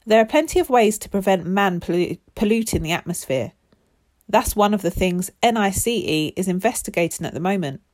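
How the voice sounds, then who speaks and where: Earnest lady scientist explaining stuff, read by a woman, medium pitch, storybook. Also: lively intonation, brisk, darkish tone, lightly acted. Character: woman scientist running a control room.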